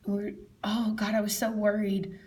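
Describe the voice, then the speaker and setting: Halting woman recalling a frightening day. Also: medium pitch, flat delivery. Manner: halting, repeats herself, quotes her own past words loudly. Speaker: interviewee. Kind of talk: personal recollection in an interview.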